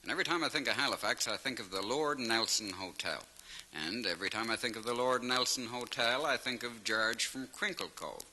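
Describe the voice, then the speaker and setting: Man, radio host, folksy lively delivery, bright voice, hissy reverberant record. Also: mid-range voice, brisk. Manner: chatty, folksy storytelling. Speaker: radio host and comic storyteller. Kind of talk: comic monologue. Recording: reverberant vinyl transfer with faint hiss.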